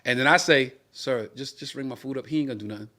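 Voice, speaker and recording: A middle-aged comedian co-hosting a live-streamed talk show, telling a long, profane anecdote and acting out the voices of the people in it. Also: male voice, medium pitch, quick pace, bright, forceful tone. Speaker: comedian and co-host.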